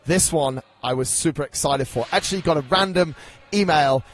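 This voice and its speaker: A man's voice: a little high, normal speed. A man hosting a podcast, upbeat and chatty as he introduces the show and interviews a guest. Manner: upbeat, chatty, reads sponsor plug. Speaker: podcast host.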